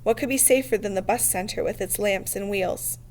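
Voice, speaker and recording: Steady female reader for novel narration, mid-pitched and measured. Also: slight background noise. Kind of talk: reading a novel aloud.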